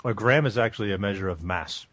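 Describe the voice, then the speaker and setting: A man, co-hosting a casual podcast chat and explaining things at a deliberate pace. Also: fairly low pitch, fairly bright tone, dry recording. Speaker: podcast co-host.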